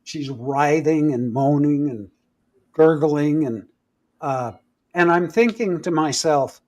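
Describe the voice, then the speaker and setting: A man's voice: fairly high pitch, slow, darkish tone. A man retelling a personal story in casual live-stream chat, vivid and full of restarts. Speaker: podcast host. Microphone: home live-stream mic.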